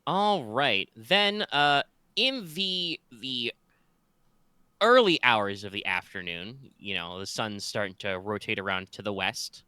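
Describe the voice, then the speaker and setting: A man's voice: on the low side, animated, slow pace, bright, forceful tone, smooth, no echo. A man running a tabletop game as game master, rambling a little with fillers and restarts as he describes the scene.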